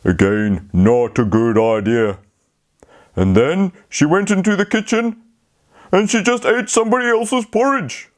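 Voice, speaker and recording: A man telling a fairy tale to children, speaking slowly and talking to them directly. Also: sits high. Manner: slow, lively, talks to the children. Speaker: storyteller. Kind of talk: children's storytelling.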